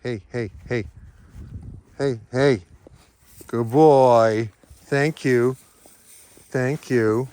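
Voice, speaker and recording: Slow-talking man cooing at farm animals. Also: steady tone, darkish tone, smooth. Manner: coos in high baby talk to his animals. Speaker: farm church minister. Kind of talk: casual farm vlog. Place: outdoors on a windy farm.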